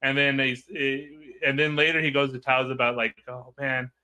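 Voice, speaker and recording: A man's voice: medium pitch, steady tone, moderate pace, sharp tone, clear, resonant tone. A man telling a rambling story in casual chat, full of fillers and acted-out quotes. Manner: rambling, many fillers, acts out quoted people. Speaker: podcast host.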